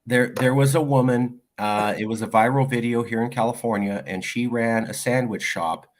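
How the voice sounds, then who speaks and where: A man hosting an interview, speaking in a measured, careful way with a dry, joking edge. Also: mid-range voice. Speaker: interviewer, host. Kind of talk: interview conversation.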